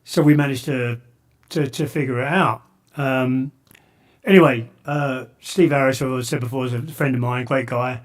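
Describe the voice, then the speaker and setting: A man hosting a podcast, telling a long story in a rambling, animated way with frequent restarts and swearing. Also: mid-range voice, moderate pace. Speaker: podcast host. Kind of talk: casual storytelling chat.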